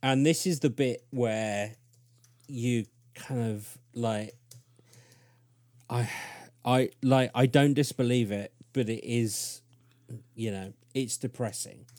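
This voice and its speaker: Slowly and with a medium-pitched voice, a man appears as a podcast guest discussing alien abductions. He's an animated storyteller who laughs often and performs quoted dialogue, all captured in clean, echo-free studio sound.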